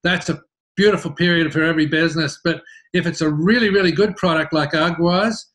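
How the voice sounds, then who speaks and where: A middle-aged man with an Australian accent tells the story of his business as an interview guest, and his voice sits a little high. He talks in a lively way and doubles words as he starts his sentences. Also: a little fast. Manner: animated, repeats words when starting sentences.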